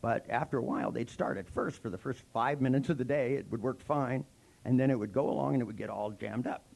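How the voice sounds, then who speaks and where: A man's voice: medium pitch, quick pace, creaky, a little mellow, poor audio. A man giving a seminar talk, telling stories bluntly and acting out the voices of the people in them. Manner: blunt, acts out quoted voices, profane. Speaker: seminar trainer.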